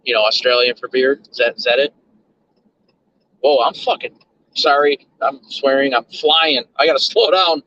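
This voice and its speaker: A man's voice: medium pitch, moderate pace, pushed and bright, highs cut off, slight background noise. A man chatting loosely to his stream chat while driving, repeating words and drifting between thoughts. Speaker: livestream host. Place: in a car.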